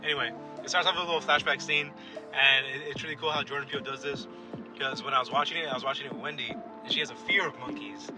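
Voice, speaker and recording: A man's voice: mid-range voice, steady tone, fast talker, over music. A man co-hosting a podcast in casual chat, laid-back and swearing, trailing off mid-sentence. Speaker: podcast co-host.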